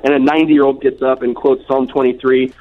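Young man, twenties, quick earnest speech, dull lo-fi phone line. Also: mid-range voice, flat delivery. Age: 20s. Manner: fast, earnest, many restarts. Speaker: guest author on the phone. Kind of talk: phone interview.

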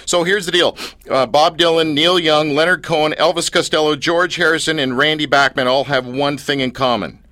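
Male interviewer, excitable fan energy, slangy, bright tone, dry sound. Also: on the high side, normal speed, no room sound. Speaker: interview host. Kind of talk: casual interview chat.

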